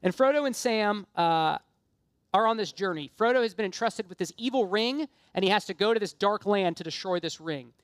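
A woman's voice: medium pitch, expressive, a little fast, dry recording. Impassioned woman preaching, dry close sound. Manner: earnest and impassioned, rising to emphatic appeals; conversational asides with light self-deprecation. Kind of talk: sermon.

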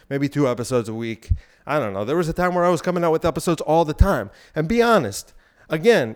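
Male podcast host, smooth resonant voice, slightly out of breath, rambling provocative monologue. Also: medium pitch. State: out of breath while exercising.

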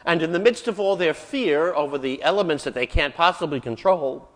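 A man's voice: fairly high pitch, a little fast. A man who is a Catholic priest, preaching a homily in a conversational storytelling manner and voicing the people in his stories. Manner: conversational storytelling, acting out voices in quotes. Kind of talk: sermon. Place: church. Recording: live in a church with long reverb.

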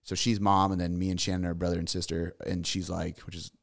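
Male podcast host, animated storyteller, low voice with fry. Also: fast. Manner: animated storyteller who acts out quotes. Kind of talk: casual chat.

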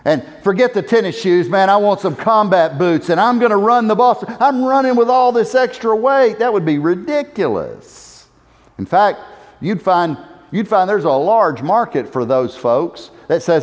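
A man's voice: high voice, lively intonation, normal speed. A male pastor preaching a sermon, impassioned and building to emphatic exhortations. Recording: echoey church hall reverb.

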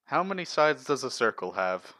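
A man co-hosting a casual podcast, reading long riddles aloud in a steady listing way. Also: medium pitch, moderate pace, no room sound. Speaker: podcast co-host.

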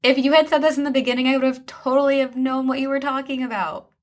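A young woman co-hosting a podcast, listening and reacting with gasps and quick exclamations. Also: sits high, fairly even intonation. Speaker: podcast co-host. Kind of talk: casual chat.

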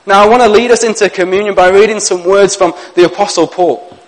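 A male pastor preaching a sermon in an earnest, gentle way, slowing down to read scripture reflectively. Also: high voice, fairly even intonation, poor audio.

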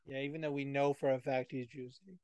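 This young man's medium-pitched voice is clear and resonant as he briskly hosts a casual podcast chat, telling animated stories full of swearing. The recording is dry but muffled.

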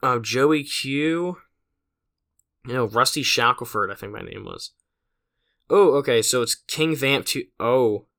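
A man's voice: medium pitch, lively intonation, measured pace, gravelly, long pauses, bright, forceful tone. A teenage man hosting his own podcast, rambling casually with lots of fillers and self-deprecating asides. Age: late teens. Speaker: podcast host. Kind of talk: casual solo podcast monologue.

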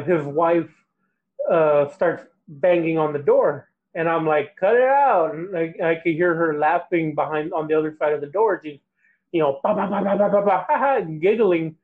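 High-voiced man rambling through a story. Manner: rambling, halting, acts out quoted voices. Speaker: guest. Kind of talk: casual storytelling chat. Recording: tinny phone-like line.

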